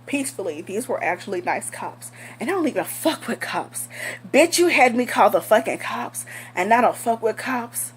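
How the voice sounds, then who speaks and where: A woman's voice: a little high, expressive, normal speed, slightly rough. A young woman telling a storytime vlog in a blunt, heated, profane way. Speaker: vlogger.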